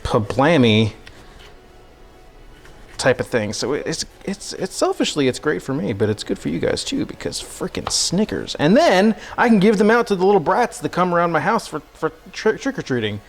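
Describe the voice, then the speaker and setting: A man's slightly high voice swings widely in pitch, fairly quick and creaky with few pauses, as he hosts a cooking livestream from his home kitchen. Out of breath from sawing, he chats casually and jokes with viewers, rambling and making fun of himself.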